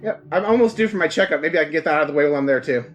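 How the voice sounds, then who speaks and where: Man player, quick talker, highish voice, jokey table banter. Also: expressive, muffled recording, soft background music. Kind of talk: casual in-character play.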